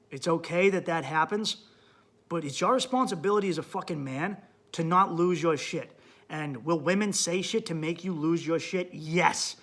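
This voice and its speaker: A man hosting a comedy podcast, talking crudely and bluntly and acting out his own thoughts in an animated monologue. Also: fairly high pitch. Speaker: podcast host.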